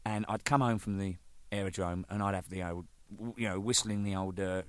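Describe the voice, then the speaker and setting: A man's voice: low-pitched, brisk, smooth, no room sound. A man, a rock drummer, telling band anecdotes in a casual, swearing, laughing way. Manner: animated, swears freely, laughs mid-story.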